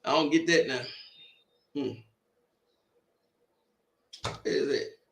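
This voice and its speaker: A man in his forties hosting a watch-party stream, telling loud, joking stories in a casual, rambling way. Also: a little high, vocal fry, echoey room. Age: 40s. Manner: loud, boisterous, joking, drawn-out tangents. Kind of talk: casual storytelling chat.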